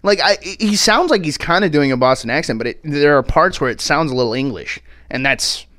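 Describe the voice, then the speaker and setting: A man's voice: fairly high pitch, expressive, a little fast, sharp tone, no echo, clean studio sound. A man giving a casual movie commentary who chats loosely, laughs often and swears offhandedly. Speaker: podcast host doing a movie commentary track.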